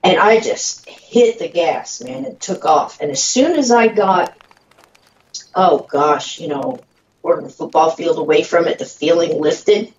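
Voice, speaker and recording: A woman telling a personal story in a casual, halting way, with fillers and pauses. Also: fairly low pitch, background noise. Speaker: guest storyteller. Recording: distant, dull audio in a roomy space.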